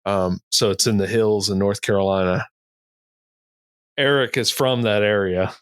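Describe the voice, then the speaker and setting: This is a man cohosting a podcast who talks in a low, easygoing register. He rambles through a story in a casual way and laughs at his own tales. The sound is close and dry, with no room around it. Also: steady tone, a little slow, clean tone, dry recording.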